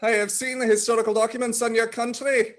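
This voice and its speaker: A woman's voice: fairly high pitch, little pitch movement, quick pace, close to an everyday voice. A woman playing a formal, literal-minded alien posing as a human newcomer in a comedy sketch rehearsal on a video call. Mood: earnest.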